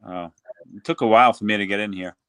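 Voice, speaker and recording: A man's voice: fairly low pitch, quick pace, fairly bright tone, smooth. A man with a Long Island accent on a video call, easygoing and greeting viewers by name. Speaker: stream co-host guest. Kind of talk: casual video call chat.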